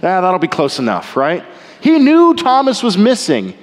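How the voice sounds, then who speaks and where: A man preaching a sermon, rising to loud emphasis and dropping to quiet, soft passages. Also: high-pitched, normal speed, long reverb tail. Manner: animated, rising and falling between loud emphasis and quiet softness. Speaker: pastor.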